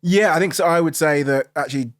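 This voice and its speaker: A man from Kent in England, a music industry guest giving measured, thoughtful answers in a conversational interview. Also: on the high side, no room sound, studio quality. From Tunbridge Wells, Kent, England.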